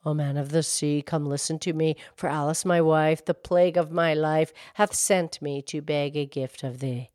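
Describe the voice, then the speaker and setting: A woman's voice: low-pitched, steady tone, normal speed, hardly any pauses, darkish tone, no room sound, voice pushed down, close to an everyday voice. Storybook: a woman playing a frightened, pleading old fisherman, dry sound. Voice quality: fearful, pleading.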